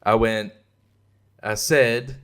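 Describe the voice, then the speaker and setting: A man's voice: fairly low pitch, fairly even intonation, extremely slow, a bit bright. An Australian man hosting a podcast, ranting in a casual monologue that is profane and sarcastic, laughing often. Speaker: podcast host and comedian.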